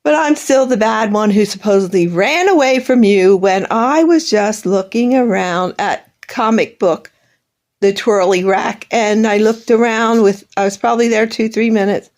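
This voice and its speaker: A woman's voice: mid-range voice, moderate pace, a little mellow. A middle-aged woman in an emotional monologue, bitter and accusing, rambling, her voice breaking into tears.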